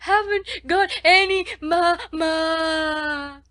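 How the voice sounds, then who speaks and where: A woman's voice: fairly even intonation, extremely slow, fairly bright tone, heavily acted. A woman voicing a spoiled little girl who howls and sobs, in a storybook reading. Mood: howling. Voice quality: sobbing, shrill.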